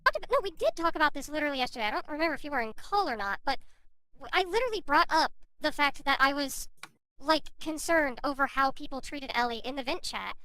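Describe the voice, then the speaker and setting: A woman's voice: high-pitched, animated, quick pace, sharp tone, dry recording. A woman in a voice-call role-play, defensive and hesitant, stumbling over her words.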